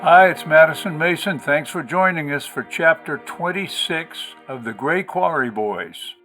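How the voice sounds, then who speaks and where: A man hosting and narrating an audiobook in a measured, expressive way. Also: a little high, soft background music. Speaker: audiobook reader, host.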